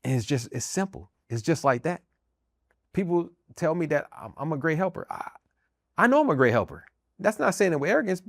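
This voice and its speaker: A man's voice: fairly high pitch, sing-song, brisk, creaky, no room sound, studio quality. A middle-aged American man and army veteran sharing his own story in an earnest, emphatic way, driving home key phrases by repeating them. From United States. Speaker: podcast host, army veteran and minister. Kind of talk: personal testimony talk.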